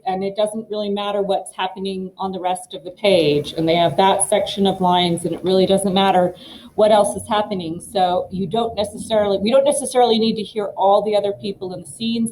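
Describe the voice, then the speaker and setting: A woman's voice: lowish voice, a little mellow, slight background noise, rough recording. A woman drama teacher talking students through audition pieces in a casual, rambling way, with many fillers and restarts.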